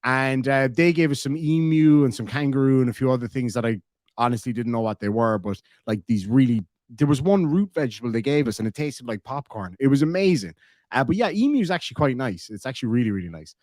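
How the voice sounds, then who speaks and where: A man's voice: medium pitch, lively intonation, fast talker, a little mellow, dry recording. Rambling Irish man, dry close sound. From Ireland. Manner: rambling storyteller, swears freely. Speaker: streamer reading chat. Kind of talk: casual chat.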